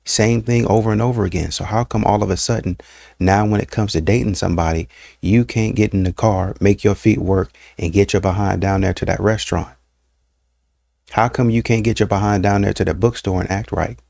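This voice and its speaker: A man's voice: fairly low pitch, fairly even intonation, brisk, gravelly, darkish tone, dry recording, studio quality. A man hosting a reaction show, giving blunt, scolding commentary with repeated rhetorical questions. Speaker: reaction channel host. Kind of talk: casual commentary on clips.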